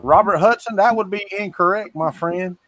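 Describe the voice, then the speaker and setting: A man's voice: sits high, moderate pace, fairly bright tone, no echo. A man from Florida with a Southern accent, co-hosting a livestream in casual, teasing, rambling chat. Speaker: co-host of a livestream.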